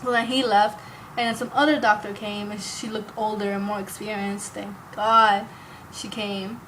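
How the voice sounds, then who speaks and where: A woman's voice: medium pitch, level tone, moderate pace, a bit bright, slight background noise, rough recording. A young woman telling a story to camera in a casual, rambling way, filling her talk with "like" and the odd curse word. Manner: rambling, heavy use of "like", occasional cursing. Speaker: vlogger.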